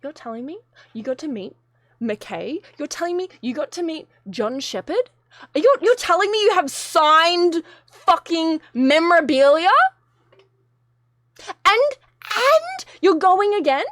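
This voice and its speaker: A young woman with a very high voice rants to her stream chat, rambling and exasperated, swearing freely. Her voice sits close and dry on the mic, with no room around it. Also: expressive, unhurried, long pauses, a bit bright, no room sound. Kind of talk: casual ranting to a live chat.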